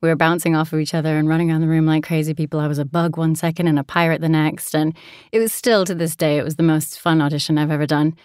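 In a chatty interview, a woman from Alaska, USA, who narrates audiobooks tells stories and laughs often, her American accent touched by a transatlantic tinge. She talks fast in a low, smooth, slightly mellow voice with flat delivery. The studio sound is clean, with no room noise.

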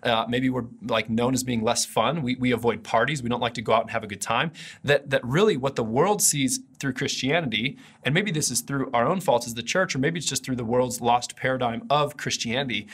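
Recorded through a camera mic for online viewing, this video sermon features a pastor with a husky, fairly bright, medium-pitched voice. He keeps a conversational, earnest tone and often starts his sentences over.

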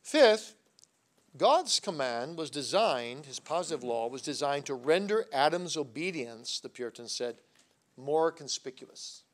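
A man lecturing at a seminary, telling stories animatedly and swinging between soft asides and loud, emphatic points. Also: on the high side, animated, measured pace. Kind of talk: classroom lecture.

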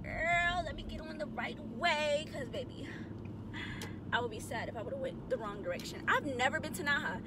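Young woman vlogger, bubbly slangy car chat, high voice, road noise behind. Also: sing-song, normal speed. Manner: chatty, upbeat, slangy. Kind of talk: casual chat to camera. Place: in a car, driving.

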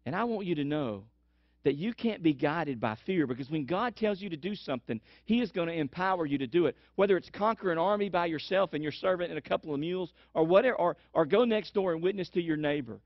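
Animated storytelling pastor, man. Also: a little high, quick pace, dry recording. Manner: animated storytelling, emphatic repetition. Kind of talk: sermon. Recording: dull lo-fi sermon recording.

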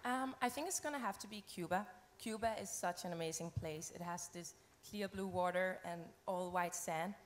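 A woman's voice: fairly low pitch, normal speed, few pauses. A young woman pageant contestant answering on a live stage, enthusiastic, in flowing run-on phrases.

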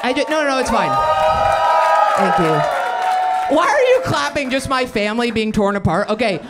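A young woman doing improvised stand-up on a club stage, brash and profane, riffing fast and slipping into mocking voices. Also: a little high, sing-song, over a noisy crowd, heavy background noise. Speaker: stand-up comedian. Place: comedy club stage with audience.

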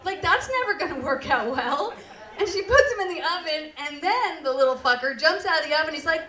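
A woman hosting a live storytelling show, telling comic stories in an animated, profane way and laughing often. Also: high-pitched, fast talker, crowd noise. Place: live venue stage with audience. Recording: roomy live hall from far off.

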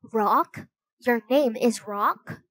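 A woman voicing a kind, eager young girl who speaks softly and coaxingly in a storybook reading. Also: on the high side, extremely slow, dry recording, heavily acted. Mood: gentle. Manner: soft and gentle, coaxing.

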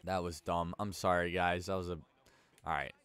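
A man's voice: deep voice, flat delivery, normal speed, a bit bright, smooth, dry recording. A young man casually chatting and telling stories while playing a hockey video game, rambling with lots of "like" and sudden outbursts at his own mistakes. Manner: rambling storytelling with frequent "like", bursts of frustration at the game. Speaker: gaming YouTuber. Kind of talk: casual let's-play commentary.

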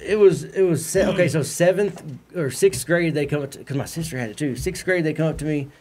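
A man's voice: fairly high pitch, fairly quick, a little mellow. A man, a comedian guest telling rambling, laughing stories in casual podcast chat. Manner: rambling, laughing, slangy storytelling.

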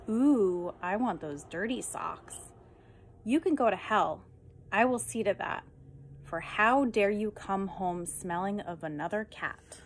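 Woman reading funny poems aloud, deadpan, dry timing, mid-pitched, faint background hiss. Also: slow. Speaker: reader.

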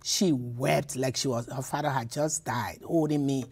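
A woman's voice: extremely low pitch, steady tone, normal speed, darkish tone, breathy edge. A woman from Liberia, a poet and professor, telling personal stories in a radio interview, with many repeats and restarts. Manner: emotional, repeats words, restarts often.

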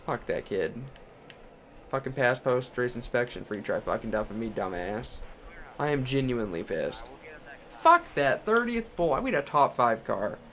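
A man's voice: medium pitch, moderate pace, a bit bright, slight background noise. A young man from Texas commentating his racing game career, talking his way through the race and ranting with profanity. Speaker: gaming channel host.

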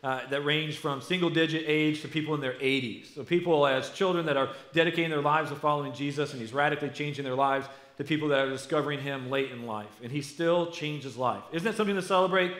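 A middle-aged American man, lead pastor of his church, preaching a conversational, animated sermon. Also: a little high, fairly quick, hardly any pauses. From United States. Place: church sanctuary. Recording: echoey church hall.

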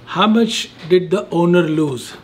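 Man, 60s, high voice, patient riddle-teller, noisy recording. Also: unhurried. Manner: poses riddles patiently, laughs easily. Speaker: riddle asker. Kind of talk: casual chat. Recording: noisy background.

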